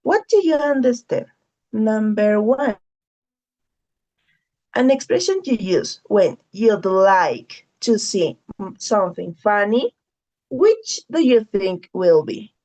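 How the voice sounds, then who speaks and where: A woman's voice: medium pitch, very animated, slow pace, dark tone, highs cut off. A woman whose first language is Spanish teaching an English class, patiently repeating key phrases and often checking in with "okay?". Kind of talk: online class instruction.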